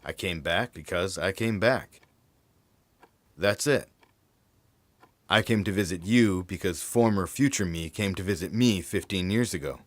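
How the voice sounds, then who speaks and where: A man in his fifties playing his own cryptic, deadpan older self who has come back from the future, in an audio drama. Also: low-pitched, a little slow, long pauses, dry recording. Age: 50s. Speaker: older time-traveling self.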